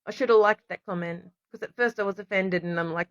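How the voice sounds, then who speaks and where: A woman's voice: on the low side, fairly even intonation, fast talker, no echo. A woman talks in an emotional, rambling monologue to camera and keeps breaking off to apologize. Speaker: vlogger. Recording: dull lo-fi recording.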